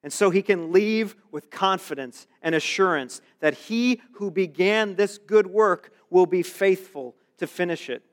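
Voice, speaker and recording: A man's voice: sits high, unhurried, few pauses. A male pastor preaching a sermon in an earnest tone that rises into emphatic exhortation.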